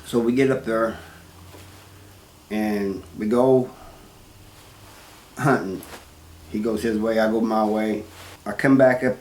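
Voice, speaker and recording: A man telling his own story in a plain, halting way, full of restarts and "you know.". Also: on the low side, steady tone, a little mellow. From Missouri, US. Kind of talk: first-person storytelling. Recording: roomy, with faint background noise.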